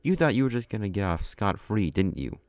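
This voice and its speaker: A man voicing an unimpressed female chef who mocks two boys in a low, dry tone. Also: big pitch swings, brisk, a little mellow, dry recording. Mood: mocking.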